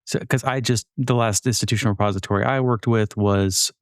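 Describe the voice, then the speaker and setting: A man's voice: lowish voice, fairly even intonation, brisk, no room sound, clean studio sound. A man hosting a casual podcast conversation, talking loosely and repeating words as he starts his points. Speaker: podcast host.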